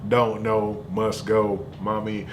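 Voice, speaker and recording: A man mimicking a shaking boy who repeats halting, broken phrases like a robot. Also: lowish voice, little pitch movement, noisy background. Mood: robotic.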